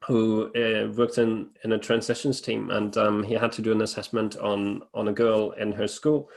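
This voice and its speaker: Man, webinar host, low gravelly voice, flat delivery, hesitant and filler-heavy. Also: normal speed. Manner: hesitant, many fillers and restarts. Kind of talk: casual webinar talk.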